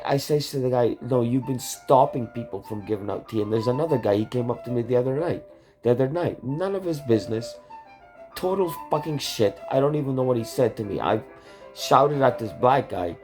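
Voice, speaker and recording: A man's voice: medium pitch, darkish tone. Angry guy ranting on his channel, swears a lot, keeps restarting, faint music behind. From Canada. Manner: agitated, swearing, rambling with many restarts. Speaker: YouTube channel host. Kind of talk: angry rambling vlog rant.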